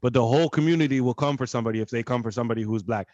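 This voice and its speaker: A man's voice: mid-range voice, rapid-fire, darkish tone, no echo, muffled recording. A man co-hosting a podcast, reacting to clips with blunt, joking commentary. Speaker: podcast co-host. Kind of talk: casual commentary.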